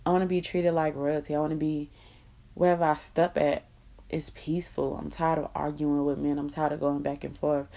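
A woman's voice: low-pitched, flat delivery, brisk, gravelly, dark tone. A woman delivering an impassioned, profane monologue, blunt and emphatic with lots of repetition.

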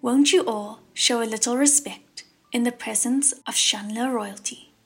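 Woman doing a chill teasing young guy, unhurried, bit husky, faint music. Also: on the high side. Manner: leisurely and unhurried. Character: calm, powerful young man in disguise, teasing.

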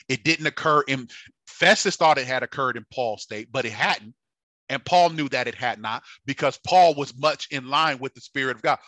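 A man preaching a sermon, halting with fillers and restarts, building to fervent emphasis. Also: mid-range voice, pushed and bright, dry recording.

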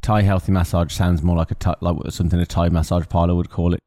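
A man from England co-hosting a casual podcast chat, easygoing and quick to agree. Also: low voice, little pitch movement, warm tone. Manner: easygoing, lots of back-channel agreement. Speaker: podcast co-host.

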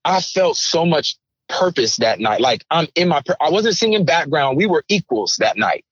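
A man shares a personal story on a podcast, full of energy and quoting others in changed voices. His voice sits a little high. The sound is dry and somewhat muffled. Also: very animated, normal speed, fairly bright tone, husky, no echo. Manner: acts out other people's voices, repeats words. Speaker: podcast guest, singer. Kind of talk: animated storytelling.

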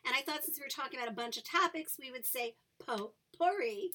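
A woman's voice: high-pitched, expressive, fairly quick, pushed and bright. A middle-aged woman co-hosting a podcast with her daughter, dry and teasing in casual chat. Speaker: podcast co-host, mother of the other host.

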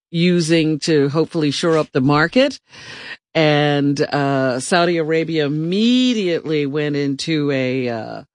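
Slow, lively-pitched man reading news. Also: dry recording. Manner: measured, with fillers. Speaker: news reader on a radio show.

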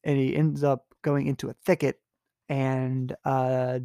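Man, casual podcast host, loose rambling recap, lots of ums, gravelly, dry close recording. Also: medium pitch, level tone, measured pace, dark tone, dry recording. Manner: rambling, filler-heavy, amused. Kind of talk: casual book recap with readings.

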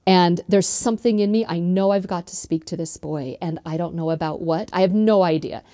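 A woman's voice: fairly low pitch, a little fast, no room sound, clean studio sound. Earnest woman author telling stories. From northern Utah, USA. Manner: earnest, animated storyteller with frequent ums. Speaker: author guest. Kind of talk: interview storytelling.

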